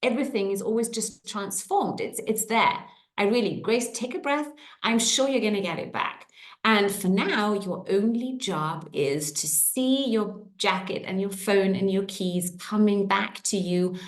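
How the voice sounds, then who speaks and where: A middle-aged woman coach telling stories in a casual talk to an online group, lively, with quick jumps in pitch. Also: reverberant.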